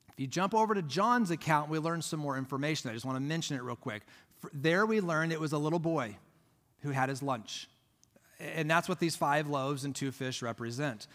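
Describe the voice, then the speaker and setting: A man preaching a sermon as pastor, teaching conversationally and emphatically, often restarting his phrases. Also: on the high side. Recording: long hall reverb.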